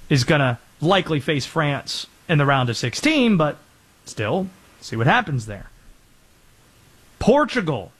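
A man hosting a sports talk show, running through quick energetic opinions and reading an ad spot. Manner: quick energetic delivery with lively pitch swings.

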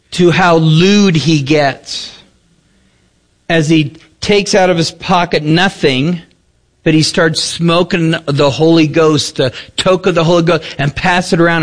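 Animated preacher man, higher voice. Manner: animated, conversational, emphatic. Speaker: pastor. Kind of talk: sermon with storytelling.

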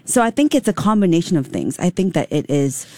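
Low-voiced, mellow female radio co-host. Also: very animated, fast, dry recording. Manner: conversational, tells anecdotes. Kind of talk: radio talk show chat. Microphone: studio microphone.

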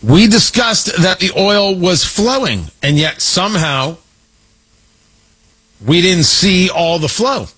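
A man's voice: high-pitched, animated, slow pace, a bit bright, husky. A man delivering an emphatic, sarcastic political commentary monologue, hammering his points through repetition.

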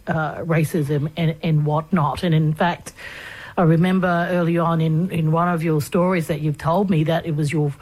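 A woman interviewer who asks questions hesitantly, pausing and searching for words. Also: sits low, darkish tone, rough recording.

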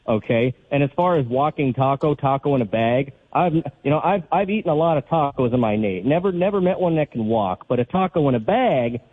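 A man's voice: mid-range voice, animated, brisk, hardly any pauses, breathy edge. A man from North Dakota calling in to a radio show, wry and joking. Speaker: caller. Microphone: phone line. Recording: tinny phone line.

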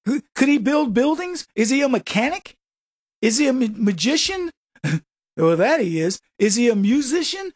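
A man's voice: extremely high pitch, expressive, normal speed, no echo, clean studio sound. A man hosting a radio show, delivering a combative political monologue full of rhetorical questions.

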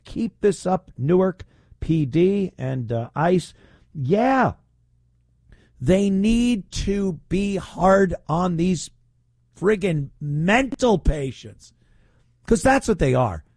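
A man's voice: fairly high pitch, lively intonation, slow, darkish tone, no room sound, studio quality. A man hosting talk radio, speaking in a mocking, opinionated way. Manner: mocking, puts on whiny voices to ridicule. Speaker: radio talk show host.

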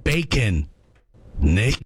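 A man's voice: lowish voice, very animated, very slow, background noise. A young man co-hosting a word game in casual banter, laid-back and teasing, often giggling. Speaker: co-host playing a reverse-audio word game.

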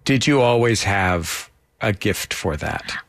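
A man's voice: lowish voice, lively intonation, slow pace, vocal fry, fairly bright tone, dry recording, clean studio sound. A man hosting an interview, asking questions and making wry jokes. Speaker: interview host. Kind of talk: casual interview chat.

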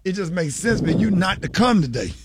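A man's voice: sits high, very animated, a little fast, background noise. A man hosting a radio morning show, playing along with a caller in disbelief. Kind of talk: radio banter.

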